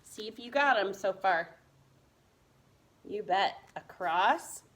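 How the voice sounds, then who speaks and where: A woman's voice: mid-range voice, expressive, slow pace, a bit bright. A woman teaching a reading lesson to first graders, spelling words letter by letter in a patient, encouraging way. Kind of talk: remote reading lesson for young children.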